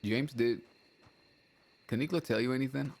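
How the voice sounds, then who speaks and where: A man's voice: medium pitch, moderate pace, darkish tone. A man chatting casually in character with other players, eager and bossy, planning a job. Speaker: roleplay player.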